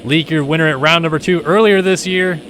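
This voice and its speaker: A man hosting and calling an online motocross race stream, jokey and casual, getting excited at the start. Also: on the high side, brisk, a little hiss or hum. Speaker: race commentator and stream host. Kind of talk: casual play-by-play commentary.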